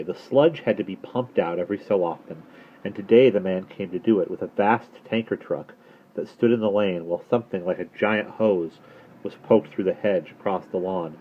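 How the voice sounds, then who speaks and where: A man reading a children's novel aloud in a steady, measured storytelling voice, recorded with a narrow phone-like sound. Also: low voice, breathy edge. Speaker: narrator.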